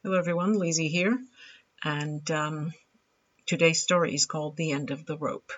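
A woman reading a short story of her own in a friendly, unhurried way. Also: sits low, lively intonation. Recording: dull lo-fi sound.

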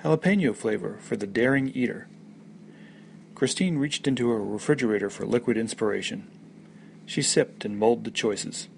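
A man reads his own short fiction in a measured, wry voice. His tone is gravelly, with a mid-range pitch. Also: a little hiss or hum. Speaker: story contributor. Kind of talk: reading short stories aloud.

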